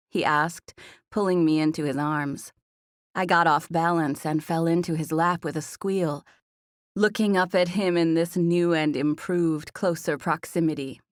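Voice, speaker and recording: Low-voiced woman narrating an audiobook. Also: fairly even intonation, unhurried, no room sound, clean studio sound. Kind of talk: scripted first-person narration.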